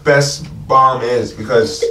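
Excitable male comic, stammering, bright and tense, in a roomy room. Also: medium pitch, slow pace. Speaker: comedian. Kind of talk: casual chat. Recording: roomy, distant mic, faint noise.

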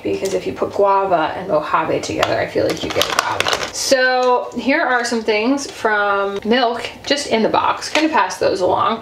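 A chatty woman talks casually in a vlog, breaking into frequent gushing asides. Her voice sits at a middle pitch. The room around her carries a noticeable echo. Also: a bit bright, a little hiss or hum. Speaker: beauty channel host. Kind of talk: casual chat while decluttering makeup.

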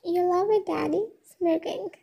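A woman's voice: very high voice, measured pace, gravelly, warm tone, full character voice. A woman reading the lines of a playful, mock-innocent young heroine in a fan fiction story.

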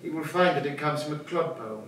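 An actor playing a rowdy, boozy, scheming older knight in a live stage play, with boisterous laughing delivery. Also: male voice, a little high, quick pace, fairly bright tone, a little hiss or hum, close to an everyday voice. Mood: gleeful. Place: large old timber barn. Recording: echoey barn, voice from far off.

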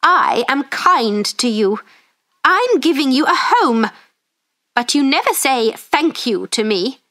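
A woman's voice: high voice, very animated, slow, fairly bright tone, pitched above the performer's own voice, heavily acted. A woman voicing a harsh, strict headmistress in a storybook reading, scolding and commanding.

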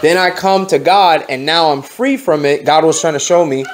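A man giving a testimony sermon at a home fellowship, telling his story in an animated, slangy way and acting out the dialogue. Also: a little high, moderate pace, few pauses, slight background noise. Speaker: lay preacher.

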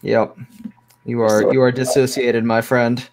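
A man guesting on an interview over a video call, explaining his game in a relaxed, easygoing way. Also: medium pitch, unhurried, creaky, slight background noise. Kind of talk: casual interview chat.

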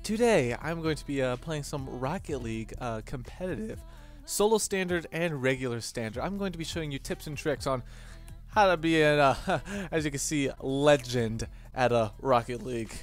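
A young man hosting his gaming channel, giving excitable, mock-instructional commentary over gameplay with frequent swearing and outbursts. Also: mid-range voice, moderate pace, soft background music.

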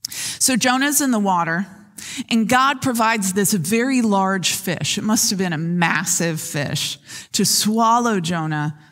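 A woman pastor giving a sermon, retelling scripture in a lively storytelling manner. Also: medium pitch, unhurried, big-room sound. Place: church sanctuary.

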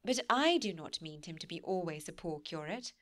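A woman's voice: on the low side, expressive, moderate pace, a bit bright, dry recording, clean studio sound. A woman voicing an eager, playful young wife who coaxes and wheedles. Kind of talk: audiobook character reading.

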